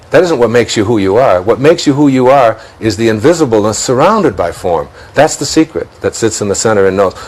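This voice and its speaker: A man's voice: mid-range voice, a little mellow, rough recording. Musing man with a Detroit accent. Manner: musing, chuckles often, repeats words as he thinks. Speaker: interview guest. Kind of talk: reflective spiritual interview talk.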